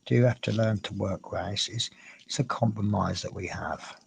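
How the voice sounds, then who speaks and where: A man's voice: fairly low pitch, normal speed, vocal fry, slight background noise. A man chatting casually on a livestream from home, rambling and cooing at his cat. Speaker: streamer. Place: at home indoors.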